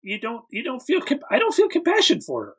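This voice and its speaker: A man's voice: very high-pitched, wildly swooping pitch, fairly quick, fairly bright tone, slightly rough. A man hosting a podcast in a casual movie review chat, complaining in a blunt, exasperated way. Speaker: podcast host.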